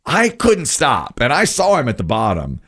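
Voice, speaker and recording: A man's voice: mid-range voice, huge pitch swings, normal speed, fairly bright tone. A middle-aged male radio host in casual chat, telling stories animatedly and acting out the voices in them.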